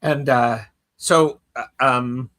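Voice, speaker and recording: A man's voice: medium pitch, steady tone, takes it slowly, pushed and bright. A man hosting a podcast in casual chat, telling stories in a rambling way with many fillers and restarts. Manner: reads listener comments aloud. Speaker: podcast host.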